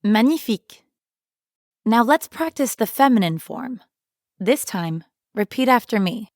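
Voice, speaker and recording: A woman co-hosting a scripted language lesson, speaking clearly and encouragingly. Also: a little high, expressive, unhurried, darkish tone, no room sound, clean studio sound. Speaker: French teacher.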